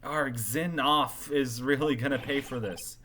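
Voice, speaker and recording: A man's voice: mid-range voice, measured pace, bright, forceful tone, a little hiss or hum. A man voicing an earnest, unlucky young female police officer in an amateur game voice-over, with game music behind. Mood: determined. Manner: clumsy, says "sir" a lot.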